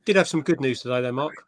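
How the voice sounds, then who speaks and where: An easygoing man chats on a live stream and laughs often. His voice is mid-pitched and sounds dry and close. He talks in a loose, relaxed way. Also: no room sound. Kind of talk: casual chat.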